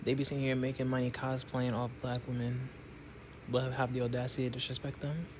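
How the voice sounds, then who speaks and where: A man's voice: mid-range voice, completely flat delivery, a little fast, background noise. A man ranting emphatically on social media, repeating his points. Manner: emphatic, repetitive. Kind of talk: casual social media rant.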